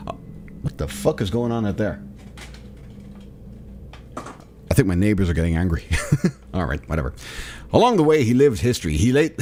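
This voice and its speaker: A man's voice: mid-range voice, slight background noise. A tired man hosting a solo comedy podcast, riffing sarcastically on a news article and laughing at his own jokes. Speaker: podcast host.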